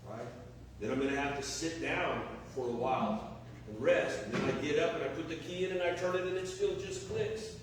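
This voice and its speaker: A man's voice: a little high, a little hiss or hum. A man with a Texan accent, a pastor preaching a sermon in a church, talking in a conversational way with rhetorical questions and everyday examples. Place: church sanctuary. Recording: echoey church hall, mic at a distance.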